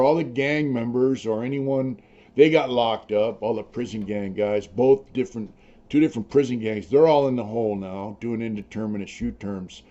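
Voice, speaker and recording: On a slightly dull lo-fi recording, a middle-aged ex-prisoner with a mellow, mid-range voice shares his story. He speaks bluntly in streetwise language, swearing and using plenty of slang.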